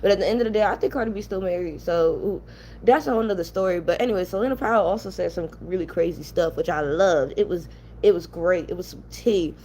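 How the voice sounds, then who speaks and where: A woman's voice: fairly low pitch, quick pace, darkish tone, a little hiss or hum. Heated, blunt young New woman. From New York. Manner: blunt, ranting, profane. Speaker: commentary channel host. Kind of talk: heated casual commentary.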